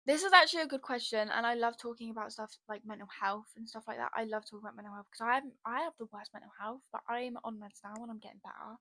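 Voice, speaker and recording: A woman's voice: fairly high pitch, fast, hardly any pauses, bright, forceful tone, no room sound. A young woman hosting a casual solo podcast, rambling and chatty, blunt and given to swearing, into a podcast microphone. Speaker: podcast host.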